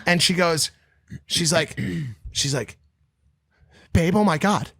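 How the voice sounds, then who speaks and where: Brief: man on a podcast, bright and forceful tone, telling wild stories loosely and animatedly. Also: takes it slowly, slightly rough, no echo. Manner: animated, crude storyteller who mimics others in a high voice. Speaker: podcast co-host. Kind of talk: casual podcast storytelling.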